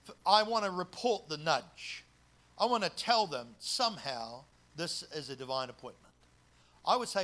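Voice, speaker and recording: Bright, emphatic male preacher. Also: fairly high pitch, lively intonation, normal speed. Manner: emphatic, swings between loud stresses and soft asides. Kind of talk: sermon.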